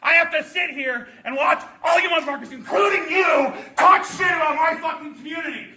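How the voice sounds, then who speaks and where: A woman protester shouting profanely and defiantly at lawmakers in a legislative committee room. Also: sits high, fairly quick, roomy sound, background noise.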